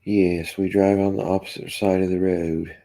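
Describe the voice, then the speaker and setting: A man's voice: sits low, moderate pace. A man from Kentucky with a Southern drawl, chatting casually on a livestream and answering viewer comments, his voice a bit congested and coughy. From Kentucky, USA. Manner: relaxed drawl, reads and answers chat aloud. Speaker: livestream host.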